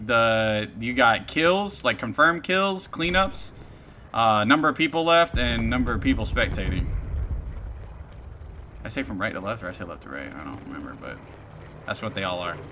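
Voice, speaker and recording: A man streaming a game and chatting in a loose, profane way. His voice is bright and sharp, and his pitch swings widely. Faint noise sits behind him. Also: moderate pace. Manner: profane, excitable, laughs a lot. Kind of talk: casual gaming chat.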